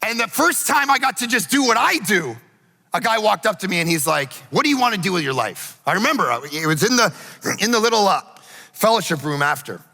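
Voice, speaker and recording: Animated pastor preaching in a reverberant hall. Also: male voice, high voice, fairly quick, creaky. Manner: conversational, animated storytelling with acted asides. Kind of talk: sermon. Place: church sanctuary.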